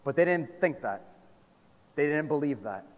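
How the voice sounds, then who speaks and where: A man preaching a sermon, swinging from loud calls down to hushed, low lines. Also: expressive, normal speed. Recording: long hall reverb.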